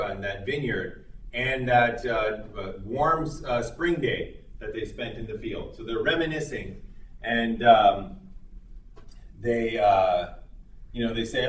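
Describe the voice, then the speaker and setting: A man's voice: medium pitch, a bit bright, a little hiss or hum. Man lecturing in a roomy, distant recording. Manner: conversational, acts out dialogue with hesitant fillers. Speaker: psychology lecturer. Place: classroom.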